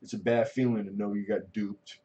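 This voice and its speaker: A middle-aged man with a lowish, mellow voice talks in a loose, rambling way. He is candid and swears often. His speech wanders through restarts. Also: flat delivery, normal speed. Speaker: livestream host. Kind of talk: casual rambling chat.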